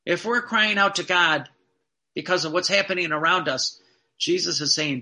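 A man with a high-pitched, sharp voice preaches a sermon earnestly and emphatically. He slows down to stress the key phrases.

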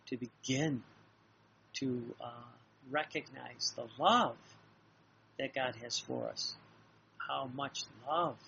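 A man's voice: medium pitch, vocal fry, sharp tone, slight background noise. A man preaching a sermon in an earnest, repetitive, exhorting way, acting out dialogue as he goes. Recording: dull lo-fi recording with faint ambience.

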